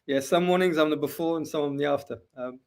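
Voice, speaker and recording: A man's voice: a little high, fast talker. An older man, a gym owner chatting as a guest with self-deprecating dry humour. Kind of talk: casual interview chat.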